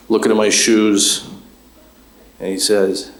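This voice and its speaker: A man works a comedy club stage with a handheld mic, and his voice bounces around a roomy space. He talks at an everyday pitch, spinning family stories in a dry, offhand way and throwing quick questions to the crowd. A faint hum of the room sits under him. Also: little pitch movement. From Chicago. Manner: dry, conversational storytelling with asides to the crowd. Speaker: stand-up comedian. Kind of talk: stand-up comedy set. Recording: roomy live club sound.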